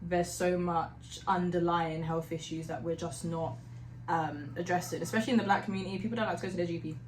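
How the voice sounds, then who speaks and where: A woman's voice: lowish voice, fairly even intonation, brisk. A woman, a podcast guest chatting in a bubbly way and laughing easily. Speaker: guest, hiking group founder. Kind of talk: casual podcast chat. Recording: roomy, faint background noise.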